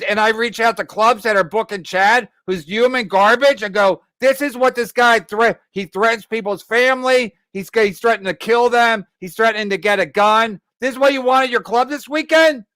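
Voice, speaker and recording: A man's voice: very high voice, moderate pace, hardly any pauses, pushed and bright, dry recording. A man hosting a podcast, badgering and profane in heated banter, reading out listener comments. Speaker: podcast host.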